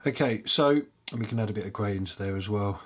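A man hosting a casual miniature-painting tutorial, rambling with lots of fillers and muttering softly to himself as he paints, chewing peanuts as he talks. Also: lowish voice, fast talker, breathy edge. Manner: rambling, chatty, many fillers; chewing peanuts while talking. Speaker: miniature painting hobby channel host.

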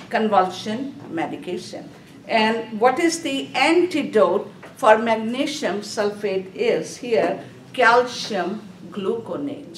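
A woman's voice: fairly high pitch, slight background noise. A woman lecturing nursing students, asking questions and answering them herself and repeating key terms. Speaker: nursing instructor. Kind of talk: classroom lecture. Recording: echoey room, mic far off.

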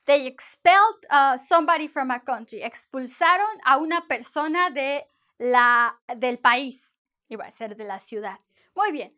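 At a normal speed, a Spanish teacher with a high, bright voice runs an online class. She explains things in a playful, lively way, moving freely in and out of English.

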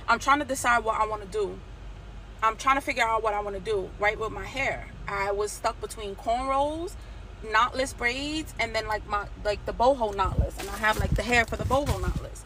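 A woman's voice: fairly high pitch, bright, forceful tone. African-born woman ranting casual, swears a lot, noisy recording. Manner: blunt, profane, talks fast with quoted voices. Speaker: storyteller in a clip. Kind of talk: casual storytelling rant.

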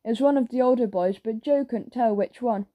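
A woman narrating a children's audiobook in a lively storytelling manner. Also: a little high, fairly quick, highs cut off. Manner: lively storytelling with character voices.

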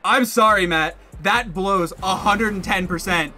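A man commentating his own competitive game match, thinking aloud in quick bursts and getting excitable. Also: high voice, faint music behind. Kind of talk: live gameplay commentary.

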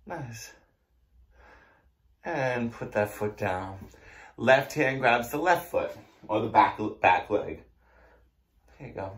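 A man's voice: mid-range voice, animated, takes it slowly, long pauses, fairly bright tone. A man with a Boston accent cueing a mat Pilates class, playful and jokey as he counts through the moves. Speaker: Pilates instructor.

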